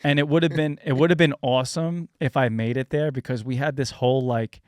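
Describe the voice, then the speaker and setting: A man's voice: medium pitch, steady tone, fairly quick, dry recording, clean studio sound. A man in his thirties hosting a podcast in casual chat, rambling and loose, full of filler words and casual swearing. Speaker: podcast host.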